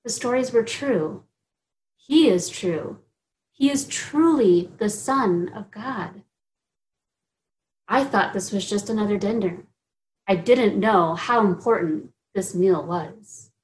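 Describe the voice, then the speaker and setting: A woman's voice: mid-range voice, lively intonation, slow, long pauses, darkish tone, a little hiss or hum, rough recording. A woman playing an earnest biblical believer. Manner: earnest, testimonial monologue. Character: awed woman believer at the Last Supper. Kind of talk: church dramatic reading.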